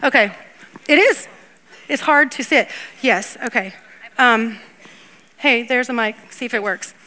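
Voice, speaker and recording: A woman pastor speaks from a church stage in a high, bright voice. She preaches in a chatty, lively way and breaks into laughter often. She moves easily between preaching and interviewing guests. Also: measured pace.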